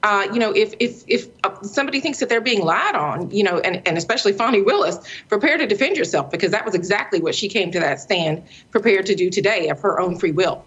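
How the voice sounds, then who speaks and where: A woman giving measured, reflective commentary on a panel. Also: medium pitch, expressive, fairly bright tone, breathy edge, highs cut off.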